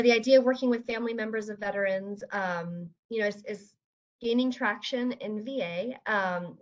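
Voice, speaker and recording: A woman's voice: mid-range voice, dull audio. A woman with a mid-range voice gives a research presentation in a webinar. She sounds friendly and informal. Her speech is full of "um" and "you know" as she walks through her slides.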